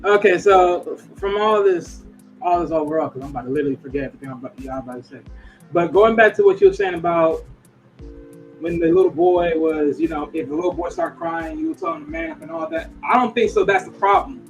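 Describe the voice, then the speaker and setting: Man panel guest, fairly high voice, measured explaining, casual debate. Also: expressive, dull audio, faint music behind.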